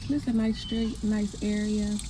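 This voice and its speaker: A woman's voice: medium pitch, flat delivery, moderate pace. A young woman in casual vlog chat, scolding in an exasperated, blunt way with some swearing, recorded outdoors on a street. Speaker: vlogger. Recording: loud street noise behind the voice.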